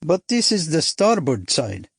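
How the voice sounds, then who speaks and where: A thin, mournful sailor played by a male narrator with an Eastern European accent speaks dolefully, higher than the narration and set a little back. His tone stays gloomy and flat. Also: a little slow, gravelly, husky, dry recording, clean studio sound, heavily acted. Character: thin dark bearded man, doleful.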